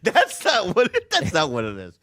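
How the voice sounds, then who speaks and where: A man hosting a casual podcast chat, giggly and self-deprecating, often breaking into high laughter. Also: wildly swooping pitch, moderate pace, fairly bright tone, no room sound, studio quality.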